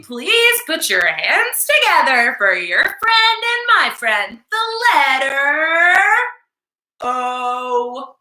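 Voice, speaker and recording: A woman's voice: sits high, big pitch swings, takes it slowly, bright, forceful tone, echoey room. A young woman teaching a virtual circle time lesson to small children, with a playful, sing-song way of talking. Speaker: preschool teacher.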